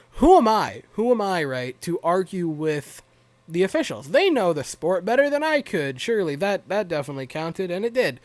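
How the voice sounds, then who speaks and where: A man's voice: high-pitched, no echo. A young man giving a rambling, wry, self-mocking recap of a hockey game as a fan vlogger.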